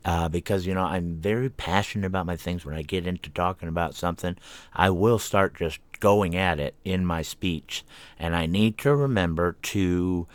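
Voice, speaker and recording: A man with a very deep voice talks through his thoughts as host of his own podcast. His delivery is casual and self-reflective, and he now and then turns to speak to his cat. The sound is dry and close to the mic. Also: moderate pace, dry recording. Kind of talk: casual solo podcast talk. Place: home room. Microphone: desk microphone.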